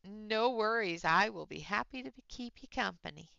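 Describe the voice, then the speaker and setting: Chatty woman with a bright, gravelly voice. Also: mid-range voice, lively intonation, moderate pace, dry recording, lo-fi sound. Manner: chatty, easygoing storytelling. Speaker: host of a live colouring stream. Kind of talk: casual chat while colouring. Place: at home at a colouring desk.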